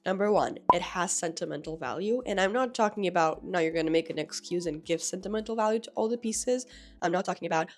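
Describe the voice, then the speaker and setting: Hoarse young woman chatting about clothes. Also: medium pitch, fairly quick, darkish tone. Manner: chatty, opinionated, lightly joking. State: hoarse from illness, voice cracking. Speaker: fashion vlogger. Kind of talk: casual chat to camera.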